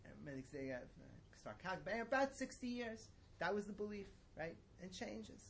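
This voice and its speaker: A man's voice: sits high, sing-song, moderate pace, creaky, a bit bright, a little hiss or hum. A middle-aged man giving a religious lesson in a conversational, digressive and emphatic way. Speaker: religious teacher. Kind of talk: lecture-style lesson.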